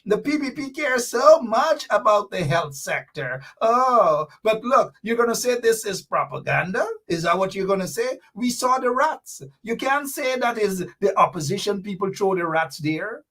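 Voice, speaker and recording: A man's voice: high voice, lively intonation, moderate pace, hardly any pauses, bright, forceful tone. A middle-aged man with a Guyanese accent, hosting a political commentary show in a fiery, sarcastic way, hammering his points with repeated jabs.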